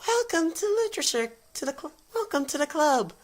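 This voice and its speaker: A man voicing a poised, friendly teenage club president girl in a visual novel, his falsetto cracking. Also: sing-song, brisk. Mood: welcoming.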